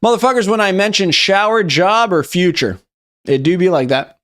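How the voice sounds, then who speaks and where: A man's voice: sits high, normal speed, fairly bright tone. A young man hosting a live stream, reacting loosely and profanely to memes, rambling and chatty. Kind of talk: casual live-stream meme review.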